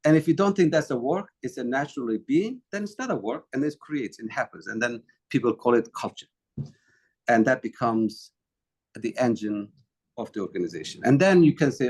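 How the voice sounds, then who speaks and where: A man's voice: mid-range voice, animated, normal speed, darkish tone, breathy edge. Earnest man with non-native English phrasing. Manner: earnest, repetitive phrasing with frequent restarts. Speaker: company founder, interview guest. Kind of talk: conversational interview answer.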